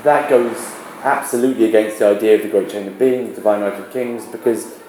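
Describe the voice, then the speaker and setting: A male teacher explains a text to his class in an unhurried way, often asking rhetorical questions as he goes. His voice is mellow and dark. The classroom is echoey, with a faint hum of background noise. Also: lowish voice, fairly even intonation. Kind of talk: classroom literature lesson.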